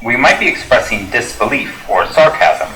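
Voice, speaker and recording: A man reading the explaining part in a scripted course dialogue, clear and affirming in a teaching manner. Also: mid-range voice, very animated, moderate pace, bright, forceful tone. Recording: roomy echo.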